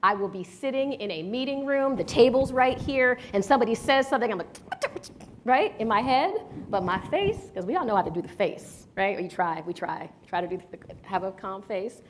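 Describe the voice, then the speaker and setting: A lively woman from Washington, D.C. teaches a breathwork workshop, talking straight to the crowd with an easy "y'all". Her voice sits a little high for a woman. She guides each breath step by step. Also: a little fast, a little hiss or hum. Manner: lively, chatty, addresses the audience with "y'all". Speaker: workshop leader. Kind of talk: live workshop talk with a story.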